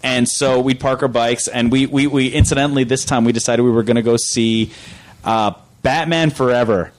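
A man's voice: medium pitch, moderate pace. A man in his thirties telling a long rambling story in casual chat, laughing often and filling with "like".

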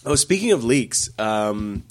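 Casual male co-host, mid-pitched, excitable, loose and sweary. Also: takes it slowly, a crowd in the background. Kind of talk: casual group chat about movies and games.

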